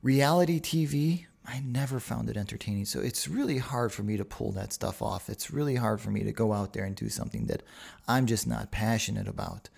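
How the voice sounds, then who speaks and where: Gravelly low-voiced man rambling casually. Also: lively intonation, fairly quick, darkish tone. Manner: rambling, conversational, profane asides. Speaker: podcast host. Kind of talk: casual solo podcast talk.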